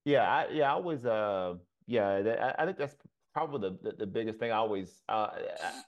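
A man hosting a casual podcast interview, asking questions in a halting way with many restarts. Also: fairly low pitch, expressive. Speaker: podcast host. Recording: slightly dull lo-fi sound.

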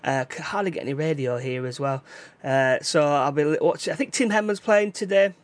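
A man's voice: a little high, brisk. Chatty man, rambling and restarting. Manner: rambling, repeats and restarts words, excitable bursts. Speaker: podcast host. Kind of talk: casual solo podcast chat. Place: indoors, rain outside.

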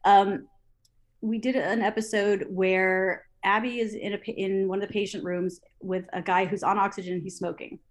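Woman, interview guest, animated storytelling, reenacts her own thoughts, mid pitch. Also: normal speed. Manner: many fillers and restarts. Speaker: interview guest, TV assistant director.

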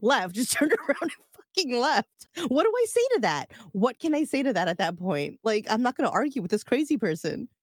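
A woman's voice: a little high, very animated, brisk, few pauses, no room sound, studio quality. A woman co-hosting a podcast, chatting casually in a profane, joking, sarcastic way. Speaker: podcast co-host. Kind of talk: casual chat.

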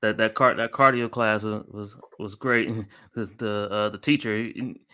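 A man in a relaxed conversation, with a bright, forceful sound. He tells anecdotes with energy and jumps his voice up when quoting friends. He laughs easily between lines. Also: on the low side, unhurried, clear, resonant tone. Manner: animated storyteller, mimics people with a raised voice, laughs often. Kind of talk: casual chat.

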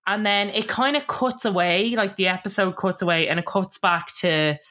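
A woman's voice: medium pitch, moderate pace, fairly bright tone. A woman co-hosting a podcast, casually recapping a reality show as a chatty storyteller who laughs often. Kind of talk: casual chat.

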